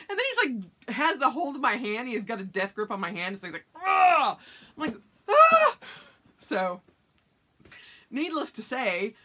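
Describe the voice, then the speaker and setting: A woman vlogger telling a story in casual chat, acting out her own reactions with sudden high yelps. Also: bright, forceful tone.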